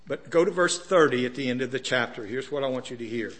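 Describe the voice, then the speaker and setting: A man's voice: mid-range voice, fast, a bit bright. A man preaching a sermon in a conversational way, often putting questions to his listeners.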